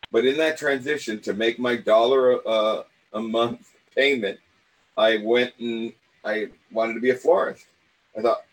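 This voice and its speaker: A man's voice: mid-range voice, rough recording. Older man telling rambling life stories. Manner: rambling, animated, acts out quoted voices. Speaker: storyteller. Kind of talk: personal anecdote storytelling.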